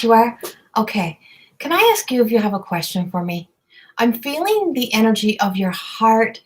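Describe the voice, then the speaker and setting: A woman giving a live psychic reading, earnest and emotive, rambling and repeating herself. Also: fairly high pitch. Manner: rambling and repetitive, many fillers. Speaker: psychic medium and tarot reader.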